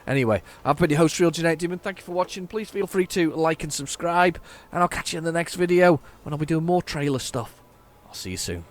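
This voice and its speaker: A man's voice: fairly high pitch, lively intonation, quick pace, few pauses. A man hosting a gaming channel, giving casual, playful commentary as he narrates his driving aloud.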